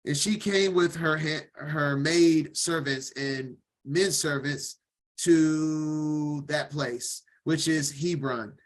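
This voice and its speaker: A man with a fairly high-pitched voice works through an old scripture passage line by line. He reads each part aloud, then breaks off into casual, conversational remarks before going back to the text. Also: a bit bright. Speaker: scripture teacher. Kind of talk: line-by-line scripture reading with commentary.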